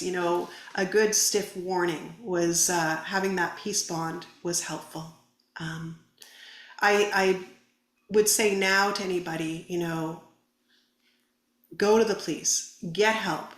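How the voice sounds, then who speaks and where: A woman's voice: mid-range voice, fairly bright tone. Woman guest telling her story on a podcast, earnest, quotes everyone, echoey room. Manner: earnest, vivid retelling with quoted dialogue. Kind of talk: personal story in a podcast interview. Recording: roomy echo.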